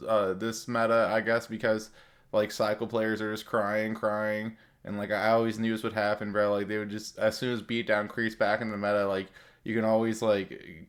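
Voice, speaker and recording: Guy with a lowish voice rambling about game updates, slangy, lots of "like" and "um". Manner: rambling, loose slangy talk with many fillers. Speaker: gaming content creator. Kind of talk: casual commentary on game updates.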